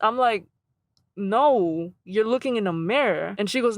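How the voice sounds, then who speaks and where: A tattoo artist on a podcast, a woman with a mid-range voice, tells stories casually and a little slowly, animatedly acting out what people said.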